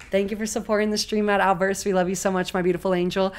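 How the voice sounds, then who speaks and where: A young woman streaming a video game, swearing constantly and swinging between loud shrieks and quiet mumbling as she plays. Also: medium pitch, animated, fast talker, hardly any pauses, slight background noise. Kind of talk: casual game commentary.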